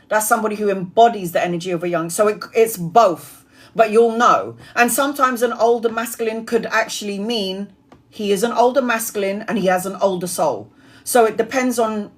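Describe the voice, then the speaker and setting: A woman in her forties doing a live-stream tarot reading, chatty and blunt, swearing casually and rattling off card meanings in quick lists. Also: mid-range voice, breathy edge. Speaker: tarot reader.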